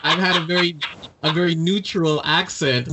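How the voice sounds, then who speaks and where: A man's voice: a little high, steady tone, moderate pace, noisy background. A man co-hosting a casual podcast who teases dryly and hesitates with fillers. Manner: dry teasing, hesitant with fillers. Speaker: podcast co-host.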